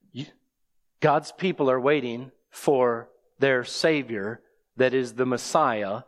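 A man preaching an expository sermon, explaining scripture and asking the listeners rhetorical questions. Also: medium pitch.

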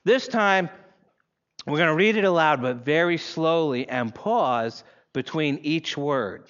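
A man preaching in a slow, deliberate way, voice sitting a little higher than most men's. He tells the story vividly in the second person and brings the congregation in to read aloud. The recording is dull and lo-fi. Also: expressive, fairly bright tone. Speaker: pastor. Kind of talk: sermon.

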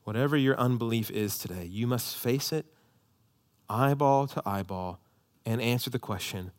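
A man preaching a sermon as pastor, impassioned and emphatic, rising to loud peaks. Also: mid-range voice, normal speed.

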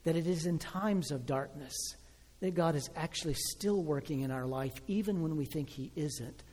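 A man in his sixties preaching a sermon, telling a personal story with feeling, swelling loud and then dropping soft and slow. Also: fairly high pitch, big-room sound. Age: 60s. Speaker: pastor.

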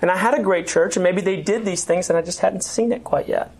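Brief: lower-voiced woman, church class teacher, conversational, halting restarts. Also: a little mellow. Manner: conversational, with frequent fillers and restarts.

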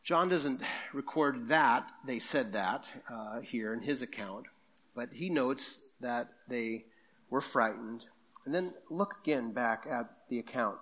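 A man preaching a sermon to a congregation, talking in a conversational way with quick asides and reading scripture aloud. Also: medium pitch, fairly bright tone. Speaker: pastor.

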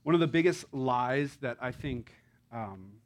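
A man preaching a sermon to a congregation in a conversational, animated way, with frequent asides and rhetorical questions. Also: mid-range voice, unhurried. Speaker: pastor.

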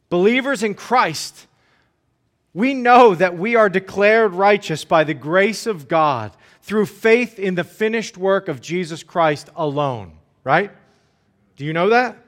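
A man's voice: high-pitched, animated, takes it slowly, fairly bright tone. A man preaching a sermon, speaking conversationally and often checking in with "right?", now and then briefly acting out the enemies' jeering words. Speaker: pastor.

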